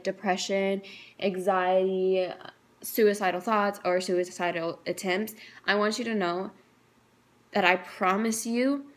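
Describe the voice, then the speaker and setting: Earnest young woman sharing a testimony. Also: mid-range voice. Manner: earnest and emotional, chatty with frequent "like". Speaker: vlogger. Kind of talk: personal faith testimony to camera.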